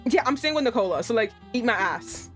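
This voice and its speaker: A young woman streamer reacts to a romance game, excitable and full of swearing. Her voice is on the higher side, and faint music plays underneath. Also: fairly quick. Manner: excitable, profane, loudly reactive. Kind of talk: live-streamed gameplay reaction.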